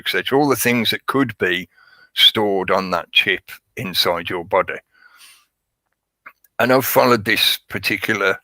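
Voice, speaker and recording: A man hosts a casual livestream, rambling at length and greeting chat viewers by name. His voice is low and bright with a forceful tone, captured in a low-quality recording with no room sound.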